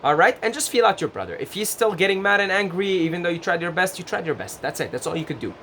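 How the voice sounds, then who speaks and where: Man, casual advice monologue, gentle and repetitive, fairly high voice, faint background ambience. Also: animated, fast talker, a little hiss or hum. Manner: gentle, repetitive, with many fillers and restarts. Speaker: advice vlogger.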